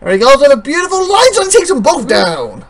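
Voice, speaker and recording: Excitable game commentator with a lively voice. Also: high voice, fast talker, crowd noise. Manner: excitable, exclaims often. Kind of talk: playful play-by-play commentary.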